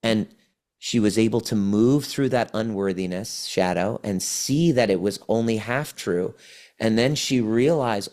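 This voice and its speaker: A man with a fairly low voice speaks as a guest on a podcast. He retells a healing session with animated energy and voices both sides of the exchange. His delivery is conversational and earnest. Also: normal speed. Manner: animated, acts out the client's replies. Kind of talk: conversational storytelling.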